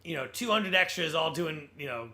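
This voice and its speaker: A high, bright male voice that talks in a loose, rambling way. He thinks aloud about comedy and movies and often restarts in the middle of a sentence. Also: animated, normal speed. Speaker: podcast co-host. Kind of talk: casual movie discussion.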